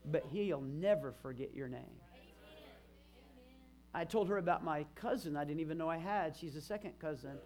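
Fifty-something pastor preaching, emphatic rises. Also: male voice, a little high, normal speed, darkish tone. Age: 50s. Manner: storytelling, retelling conversations, emphatic rises. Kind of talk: sermon.

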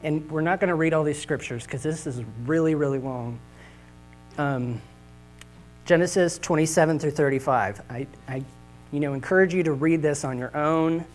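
A man's voice: a little high, normal speed, soft background music, low-quality recording. A man preaching a sermon with humorous, folksy storytelling at a church service. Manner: animated, jokey, folksy.

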